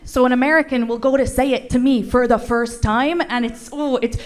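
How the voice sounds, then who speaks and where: A young Irish woman with an Irish accent doing a stand-up set on a club stage, talking in a dry, conversational way with animated punchlines. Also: on the high side, brisk. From Ireland. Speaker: stand-up comedian. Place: comedy club stage with laughing audience. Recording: live club with clear background noise.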